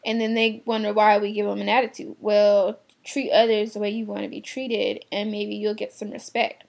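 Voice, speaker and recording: A woman's voice: medium pitch, completely flat delivery, normal speed, gravelly. A young woman who works in a shoe department, venting bluntly and with exasperation, swearing casually. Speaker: shoe department retail worker. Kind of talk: venting to camera.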